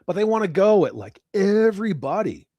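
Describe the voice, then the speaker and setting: A man's voice: high-pitched, sing-song, moderate pace, dark tone, no echo. A middle-aged man hosting a casual livestream, ranting with heavy profanity and reading chat messages aloud. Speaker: livestream host.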